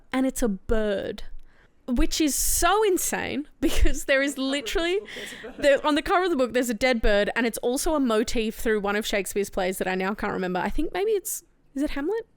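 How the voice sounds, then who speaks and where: A young Australian woman co-hosts a book club podcast, telling a story in casual chat. She's animated, laughs often, and loudly acts out quotes, with a smooth, fairly high voice in a dry recording.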